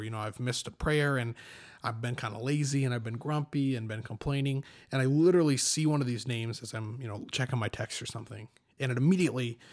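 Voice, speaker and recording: A young man co-hosting a casual faith discussion, telling stories in an animated, self-deprecating way and laughing often. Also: medium pitch.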